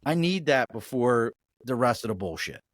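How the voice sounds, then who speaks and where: A man's voice: mid-range voice, expressive, normal speed, no room sound. A middle-aged man with a Baltimore accent, chatting casually as a podcast guest, blunt and profane in his storytelling. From Mid-Atlantic US. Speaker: podcast guest, business owner. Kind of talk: casual chat.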